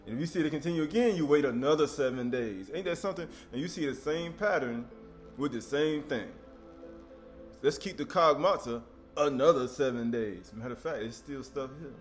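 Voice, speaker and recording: A man's voice: medium pitch, a little fast, soft background music. A man preaching an informal sermon, reading scripture and breaking into conversational asides and rhetorical questions.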